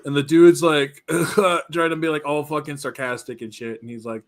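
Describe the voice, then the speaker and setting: A man's voice: on the high side, normal speed, hardly any pauses. Chuckling man in casual chat. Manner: laughs often, relaxed storytelling. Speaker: podcast co-host.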